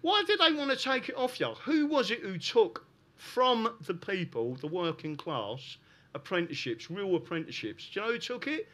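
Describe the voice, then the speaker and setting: A man's voice: high voice, big pitch swings, moderate pace, a bit bright. A middle-aged man with a South London accent giving a fervent, unscripted talk to an audience, peppering his points with "listen" and "right?". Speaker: public speaker.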